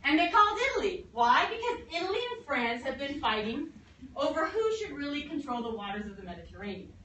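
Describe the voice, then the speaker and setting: A woman history teacher giving a fast classroom lecture, acting out countries in quick comic voices. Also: high-pitched, big pitch swings, a bit bright, a little hiss or hum. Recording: echoey room, mic at a distance.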